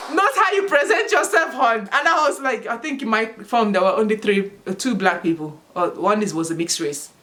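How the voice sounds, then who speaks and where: Standing out in the sun, an African woman vlogs relaxed tips about school at a moderate pace and a medium pitch, rarely pausing. Her storytelling is lively and frequently punctuated by bursts of laughter.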